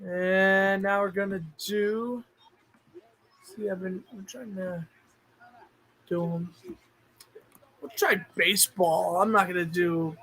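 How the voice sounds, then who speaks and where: A man hosting a casual livestream, chatting and thinking aloud, with sudden bursts of excitement. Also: high voice, takes it slowly, pauses often, slight background noise, poor audio. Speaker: streamer host.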